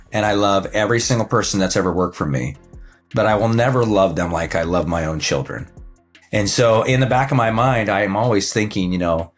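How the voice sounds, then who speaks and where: Low-voiced man in his fifties telling stories. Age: 50s. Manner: relaxed and anecdotal, with frequent "uh" fillers and restarts. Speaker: podcast guest, financial advisor and coach. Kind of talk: casual conversational storytelling.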